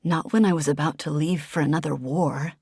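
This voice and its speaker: A woman's voice: steady tone, brisk, a little mellow, slightly rough, no echo, studio quality. Woman voicing a pleading young man in an audiobook. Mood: broken. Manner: low, strained, pleading.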